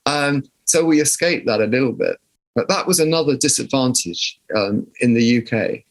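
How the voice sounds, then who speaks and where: An older man with a southern English accent, speaking as a guest in an interview. He tells his stories in a reflective, conversational way and often restarts his sentences. His voice sits at an ordinary pitch. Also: animated, moderate pace, vocal fry. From southern England. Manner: reflective, storytelling with frequent restarts. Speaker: guest musician.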